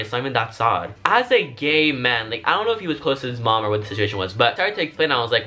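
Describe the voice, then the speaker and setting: A man with a bright, forward voice chats through a personal storytime vlog. His talk is loose and frank, packed with fillers and the odd curse word, and his pitch sits in an ordinary middle range. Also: very animated, fast, few pauses. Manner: chatty, filler-heavy, frank and profane. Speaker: vlogger telling a story. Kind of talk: casual storytime monologue.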